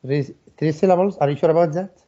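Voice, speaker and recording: A man's voice: on the high side, quick pace, warm tone, highs cut off. A male English teacher leading an online class, patiently repeating his questions to students. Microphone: video call.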